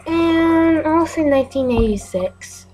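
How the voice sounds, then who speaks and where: A woman's voice: sits high, lively intonation, slow pace, mellow, faint music behind. A woman giving casual, chatty commentary as she plays a game, often giggling. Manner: chatty and giggly, narrating aloud. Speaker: gameplay video host.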